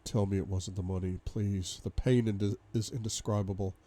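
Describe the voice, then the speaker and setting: A man reading a novel aloud in first person, dramatic, moving between hushed despair and loud outbursts. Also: lowish voice, steady tone, moderate pace. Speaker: audiobook reader.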